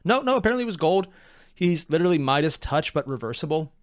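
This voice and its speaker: An animated man talking through a reaction video, rambling and poking fun at himself. His voice sits a little high and swings lively up and down. The sound is close and dry. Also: fast talker, clear, resonant tone, dry recording. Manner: animated, rambling, self-deprecating. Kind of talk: casual reaction commentary.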